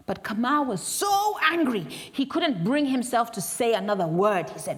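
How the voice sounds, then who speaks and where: A woman's voice: on the high side, sing-song, normal speed, hardly any pauses. A woman performing a live interactive story, dramatic with whispers and gasps.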